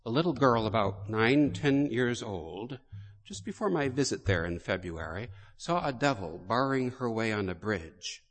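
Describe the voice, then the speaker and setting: A man, a priest, delivering a sermon slowly and deliberately in a large church. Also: mid-range voice, expressive. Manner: slow, deliberate storytelling. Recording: long hall reverb.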